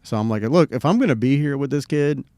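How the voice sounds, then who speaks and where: Here a middle-aged co-host talks quickly and animatedly in a mid-range, slightly mellow voice with no room sound. He's spinning a personal anecdote on the podcast, laid-back and wandering, swearing as he goes.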